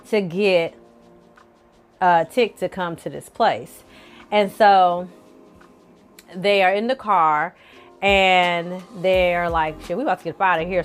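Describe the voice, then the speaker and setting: A woman with a somewhat low voice recaps a TV episode as if gossiping with friends. She leans into slang, swears freely and calls her viewers y'all and honey. Faint music sits under her talk. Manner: lively storytelling, slangy and profane, addresses viewers as y'all and honey. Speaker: film and TV reviewer.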